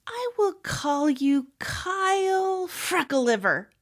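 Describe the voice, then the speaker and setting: A woman voicing an excited, playful little girl in a storybook, bubbly and exclamatory. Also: very high voice, slow pace, pitched above the performer's own voice, heavily acted.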